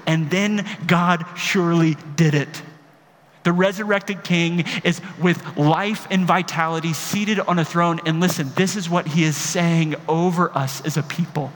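A man preaching a sermon as pastor, impassioned, moving between quiet reflection and emphatic calls. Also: fairly high pitch, fairly even intonation, unhurried. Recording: long hall reverb, faint room noise.

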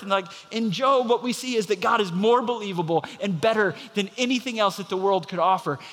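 A man's voice: sits high, a little fast, hardly any pauses, fairly bright tone, long reverb tail. A man preaching a sermon as pastor, telling a story and acting out the voices of the people in it.

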